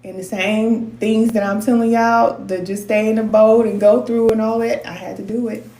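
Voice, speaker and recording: A woman's voice: a little high, flat delivery, moderate pace, warm tone. A middle-aged woman giving spiritual advice to her viewers in a candid, emotional, slangy way. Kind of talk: casual heartfelt talk to viewers. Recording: roomy echoey sound.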